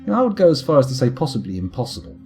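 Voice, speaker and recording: A man's voice: medium pitch, sing-song, racing, a little mellow, soft background music. A man streaming a game late at night, chatting in a rambling, wry, self-mocking way to his viewers. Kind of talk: casual live-stream chat while gaming.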